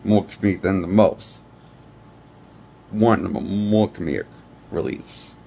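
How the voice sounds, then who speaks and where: A man's voice: low voice, a little slow, vocal fry, dark tone, a little hiss or hum. A man giving a rambling, blunt and profane movie review. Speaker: movie critic. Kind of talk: ranting film review.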